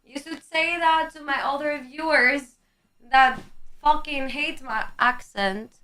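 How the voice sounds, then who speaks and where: A woman in her twenties chats on a livestream, teasing her viewers and answering their comments. Her voice sits a little high and sounds bright and crisp. She takes her time with each phrase. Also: slow. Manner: playful, teasing, swears casually. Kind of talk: casual chat reading viewer comments.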